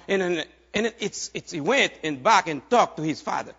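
Man preaching, bright tense voice, repetitive cadence, dull lo-fi recording. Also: high-pitched, normal speed, hardly any pauses. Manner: repetitive preaching cadence, repeats key phrases. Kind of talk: sermon.

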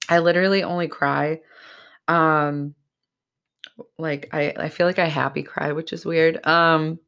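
A woman's voice: low voice, steady tone, a little slow, gravelly, fairly bright tone, clear, resonant tone. A woman from Massachusetts hosting her own podcast, talking casually and emotionally, choked up and tearful, with many fillers and restarts. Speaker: podcast host. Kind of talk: casual solo podcast talk.

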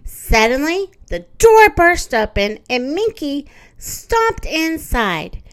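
A woman reading a children's story aloud, with an expressive, lively delivery. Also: high-pitched, slow pace.

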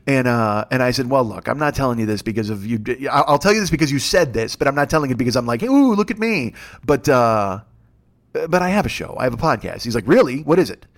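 Male podcast host, 50s, solo comic storyteller; fast, profane, rambling, does quick voices for the people he quotes. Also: medium pitch, lively intonation.

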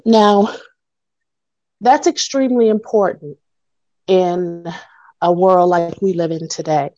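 Slow, breathless woman teaching over a call. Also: lowish voice, mellow, no echo, muffled recording. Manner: halting, with many fillers and pauses. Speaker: guest speaker. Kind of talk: teaching in an online Bible class. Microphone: video call.

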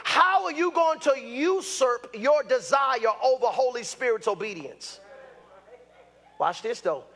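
A man in his fifties delivers a sermon in a strikingly high voice. He preaches with fervor, bursting into shouts and repeating phrases to drive a point home. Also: animated, a little slow. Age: 50s. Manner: fervent, bursts into shouts, repeats lines for emphasis.

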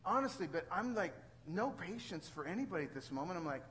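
Older male pastor, animated storyteller. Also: high-pitched, quick pace, slight background noise, poor audio. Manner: animated storytelling, rising to exasperated outbursts. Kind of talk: sermon with personal story.

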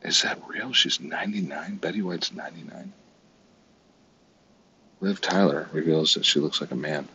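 A man's voice: very deep voice, moderate pace, long pauses, bright, forceful tone, highs cut off, a little hiss or hum. A man giving casual, swearing commentary to himself while browsing online, exasperated and talking under his breath.

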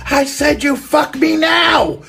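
A man putting on the voice of a furious, demanding young woman in the middle of a story, drawing out her demands in a high shriek. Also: very animated, slow, fairly bright tone, husky, soft background music, full character voice.

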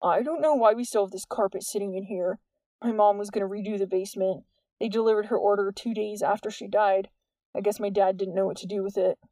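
A woman's voice: medium pitch, fairly even intonation, brisk, dark tone, no echo, close to an everyday voice. A woman reading the part of an earnest, worried teenage boy in an audiobook, with urgent, anxious questions. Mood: subdued.

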